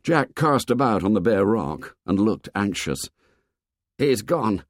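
Expressive male audiobook narrator. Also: lowish voice, no room sound, clean studio sound. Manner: measured, expressive storytelling.

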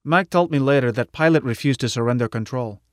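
A man reads an audiobook in the first person, at a steady, matter-of-fact pace. His voice sits at an ordinary middle pitch. The sound is dry and close to the mic, with no room echo. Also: brisk. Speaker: audiobook narrator.

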